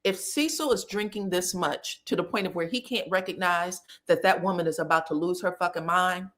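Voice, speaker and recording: A woman's voice: fairly low pitch, fairly quick, fairly bright tone. A woman recapping a reality show in a casual, blunt, profane, mocking way.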